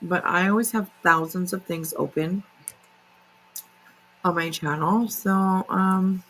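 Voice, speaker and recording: Woman, livestream host, unhurried pace, sharp bright tone, chatty, lots of ums. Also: lowish voice, poor audio. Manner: chatty, greets viewers, many fillers. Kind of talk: casual livestream commentary.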